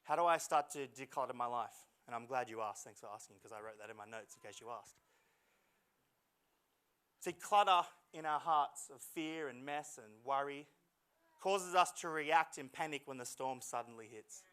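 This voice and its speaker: A male pastor preaching a lively, dramatic sermon to a church congregation, with jokey asides and voices he acts out. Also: mid-range voice, normal speed, clean tone. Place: church service hall.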